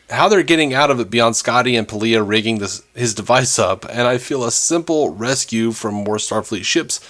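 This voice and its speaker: A man's voice: mid-range voice, fairly bright tone. A man co-hosting a podcast, reading out listener messages and chatting casually with jokes and laughter. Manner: laughing, joking, reads listener messages aloud. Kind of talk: casual chat.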